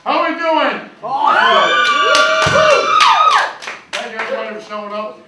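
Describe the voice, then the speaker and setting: Casual: guy doing dirty standup, pretty high voice, echoey club mic from far away, crowd going. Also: lively intonation, quick pace, heavy background noise. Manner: crude, punchy, profane. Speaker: stand-up comedian. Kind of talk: stand-up comedy. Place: comedy club stage. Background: audience laughing.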